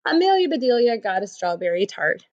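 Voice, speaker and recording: A woman reading a children's picture book aloud in a slow, expressive storytelling manner. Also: fairly high pitch, muffled recording. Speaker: storybook reader.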